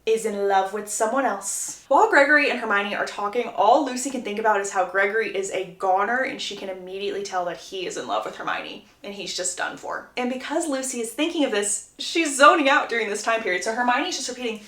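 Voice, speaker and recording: A woman with a fairly high voice walks through a romance novel chapter by chapter, chatty and gossipy, throwing in asides to her viewers. The sound bounces around an echoey room. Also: lively intonation, a little fast, fairly bright tone. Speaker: book reviewer. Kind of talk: casual plot retelling.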